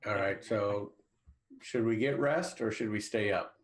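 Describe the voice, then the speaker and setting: A man's voice: fairly low pitch, measured pace. A man playing in a tabletop role-playing game, practical, asking the group questions to keep things moving. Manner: practical, asks questions to move the group along. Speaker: player. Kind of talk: casual tabletop play.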